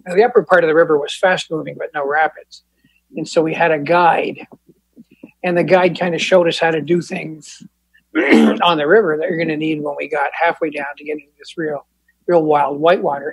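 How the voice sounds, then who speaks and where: A man's voice: on the high side, fairly even intonation, brisk, breathy edge, dry recording, rough recording. A man from Canada, telling a candid, self-deprecating recovery story at a support group meeting. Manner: casual, candid, self-deprecating, with fillers and restarts. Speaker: Al-Anon speaker.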